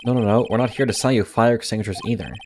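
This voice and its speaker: Man reading young lawyer, earnest, patient, low-ish, game dialogue. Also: racing, darkish tone, slight background noise, natural voice.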